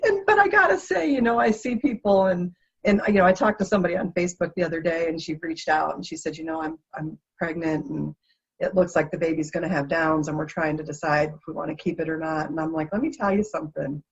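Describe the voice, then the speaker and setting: A woman, an interview guest, telling stories in a lively, expressive way. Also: low voice, fast, husky. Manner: animated, lively storyteller. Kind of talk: expressive storytelling. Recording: dull lo-fi sound.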